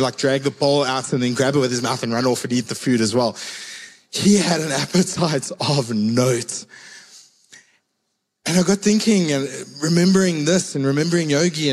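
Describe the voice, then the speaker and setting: A man's voice: mid-range voice, big-room sound. A man preaching a sermon in a conversational, storytelling way, repeating his key words for emphasis.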